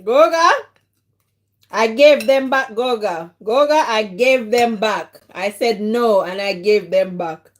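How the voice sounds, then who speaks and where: A woman's voice: a little high, slow. Laughing Jamaican-British woman chatting to viewers. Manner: laughs often, teasing banter with chat. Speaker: livestream host. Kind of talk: casual live-stream chat with viewers while eating.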